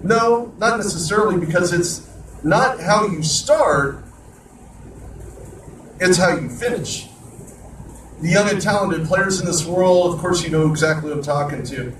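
A man hosting a sports talk radio show, rambling in an animated way between topics. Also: sits high, a little slow, pauses often, echoey room, distant mic, a little hiss or hum, rough recording. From Southern California. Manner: rambling, animated host patter.

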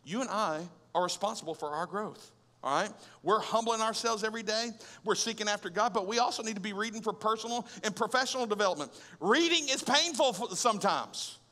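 High, bright pastor preaching. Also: male voice, a little fast. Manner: conversational and animated, with rhetorical questions and humor. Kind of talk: sermon. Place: large church auditorium. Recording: long hall reverb.

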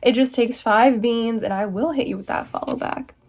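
A woman's voice: on the high side, moderate pace, slight background noise. A young woman from the United States hosting a casual livestream, bubbly and answering viewer comments as she reads them aloud. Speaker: livestream host.

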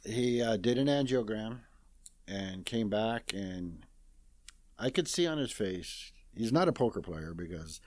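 A man in his sixties, speaking as an interview guest, retells a story in a casual, plain-spoken, folksy way, peppering it with "I says" and acting out other people's lines as quoted dialogue. His voice is lowish and animated, his pace unhurried, and there's no room sound.

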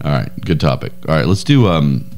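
A man's voice: a bass voice, sing-song, a little fast, a little mellow, a little hiss or hum. A man co-hosting a podcast in casual banter, laughing often and trailing off mid-sentence. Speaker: podcast co-host.

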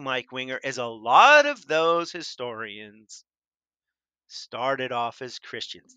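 A man's voice: medium pitch, sharp tone, clear, resonant tone, dry recording. A man delivers critical video commentary in a tense, cutting voice. He argues hard, repeats himself for emphasis and talks straight at his opponent. The recording is bone dry and close to the microphone. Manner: emphatic and repetitive; argumentative, addresses opponent directly. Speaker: commentary channel host.

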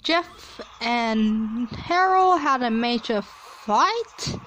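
A young woman chatting casually as she reads out results from a simulation game, with frequent excited exclamations. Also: a little high, very slow, slight background noise. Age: young adult. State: coughing at times. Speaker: player reading a simulator. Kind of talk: casual play-along commentary.

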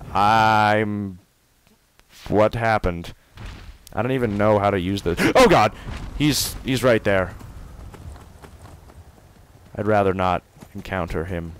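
Low-voiced man yelling gameplay taunts. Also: slight background noise. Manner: excitable, yelling taunts, then muttering. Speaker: gamer. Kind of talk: let's play commentary.

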